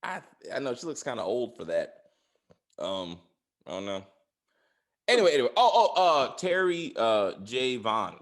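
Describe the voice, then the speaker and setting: A man's voice: mid-range voice, big pitch swings, moderate pace, long pauses. A man hosting a casual spoiler review of a TV series, ranting with exasperated, profane commentary. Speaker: podcast host reviewing a TV series.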